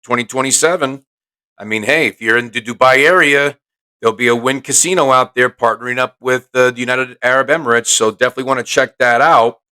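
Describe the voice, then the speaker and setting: Brash, bright-voiced male podcast host. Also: medium pitch, fairly even intonation, fairly quick, clean tone, low-quality recording. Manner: brash, salesy, chatty. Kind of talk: casual solo podcast talk.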